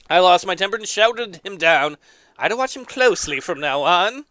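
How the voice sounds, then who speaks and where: A man's voice: sits high, lively intonation, moderate pace, bright, forceful tone, no room sound, studio quality. A man casually commenting on a game as he plays, exclaiming often, laughing and reading the game's text aloud. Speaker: let's player.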